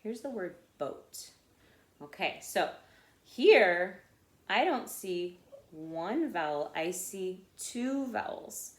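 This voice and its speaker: A woman teaches young children to read, speaking slowly and patiently in a slightly low voice. She keeps checking in with little "okay?"s and "right?"s. The sound carries the echo of a bare room. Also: sing-song. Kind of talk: phonics lesson for children.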